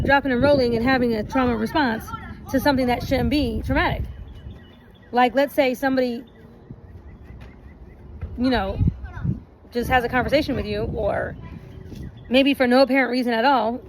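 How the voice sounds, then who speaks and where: Woman talking to her viewers outside, kinda high voice, street noise around, reads stuff out slow then chats. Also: low-quality recording. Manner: reads lists slowly, adds chatty asides. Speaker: relationship vlogger. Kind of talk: casual talk, reading points aloud. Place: outdoors. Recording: outdoor recording with noticeable background noise.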